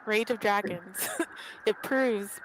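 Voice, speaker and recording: A woman in a casual book chat with friends, playful and quick to laugh, with faint background noise. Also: mid-range voice. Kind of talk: casual chat on a group video call.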